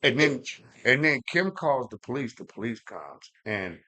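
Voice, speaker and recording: Animated, profane man telling stories. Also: medium pitch, a little slow. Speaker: podcast co-host. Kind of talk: casual chat. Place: home living room.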